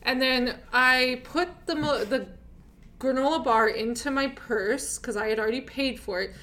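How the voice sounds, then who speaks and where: A woman's voice: high voice, normal speed, rough recording. Wry female podcast host, casual. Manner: relaxed, wry, swears casually. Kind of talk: casual chat.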